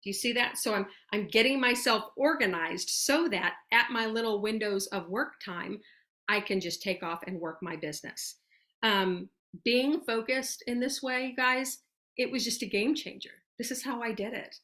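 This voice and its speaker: Bright-voiced, chatty woman giving a pep talk. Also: normal speed. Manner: chatty and earnest, folksy "you guys" and "y'all"; acts out sample messages in a soft, lowered voice. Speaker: network marketing speaker. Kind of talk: motivational team call talk.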